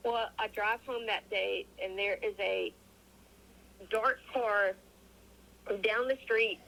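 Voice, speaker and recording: A woman's voice: medium pitch, slow, creaky, poor audio. A woman guest in an interview, telling a personal story casually, acting out the voices of the people she quotes, with many restarts. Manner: animated, acts out quoted dialogue, frequent restarts.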